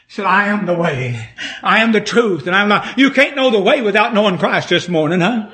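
A man's voice: high voice, lively intonation, brisk, pushed and bright. A male preacher, delivering a fervent sermon that builds in force and repeats its key phrases.

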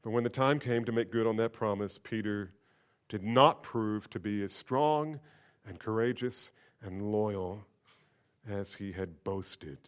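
A man, a senior pastor, preaching a sermon in an animated, conversational way with rhetorical questions. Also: fairly low pitch, a little slow.

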